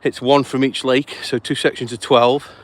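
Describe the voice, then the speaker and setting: A man's voice: medium pitch, little pitch movement, moderate pace. A man hosting a live event outdoors by a lake, out of breath and chatty, apologizing as he talks. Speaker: host. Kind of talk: live on-the-move commentary.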